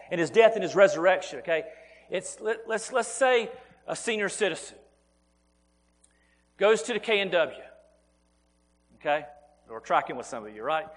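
A man's voice: high voice, a bit bright. A man preaching a sermon as pastor, earnest and repeating words as he presses his points, calling the listeners folks. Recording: long hall reverb.

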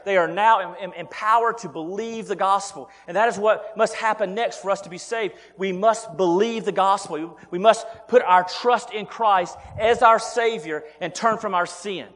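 A man's voice: high-pitched, normal speed, a bit bright. A man preaching a sermon as pastor, earnest and repeating words as he presses his points, calling the listeners folks. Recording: long hall reverb.

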